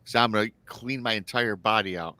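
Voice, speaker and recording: A man's voice: on the low side, brisk, sharp tone, dry recording. A man from Michigan hosting a casual live-stream chat, rambling through stories and reading out chat comments. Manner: rambling storyteller, reads chat aloud. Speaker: host.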